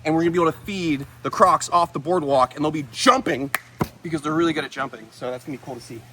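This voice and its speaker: A man keeper hosting a casual vlog outdoors among animal enclosures, excitable and shouting at the animals now and then. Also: fairly high pitch, quick pace, noisy background. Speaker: reptile keeper and host.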